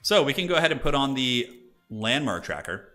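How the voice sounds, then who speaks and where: A man casually commentating a strategy game on his live stream, rambling and animated with lots of "like" fillers. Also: mid-range voice, fairly quick, soft background music.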